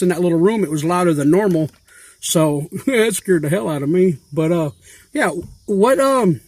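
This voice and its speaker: High-voiced man rambling casually. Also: no room sound. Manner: rambling, chatty, loose colloquial grammar. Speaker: YouTuber asking giveaway questions. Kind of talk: casual rambling vlog talk.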